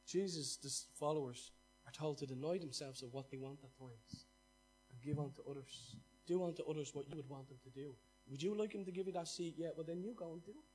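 A man preaching a sermon as pastor, impassioned, swinging from loud exhortation to hushed asides and stumbling over repeated words when fired up. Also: fairly high pitch, fairly quick, faint music behind.

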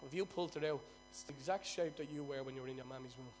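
An Irish man preaching a sermon, telling stories with loud bursts and quiet asides. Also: mid-range voice, fast, soft background music.

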